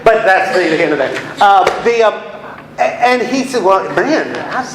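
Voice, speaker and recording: A man's voice: sits high, animated, moderate pace, noisy background. A man leading a Bible study class in a chatty, playful way, acting out little scenes for his listeners. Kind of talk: casual Bible class lecture. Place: room with a class. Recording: echoey room.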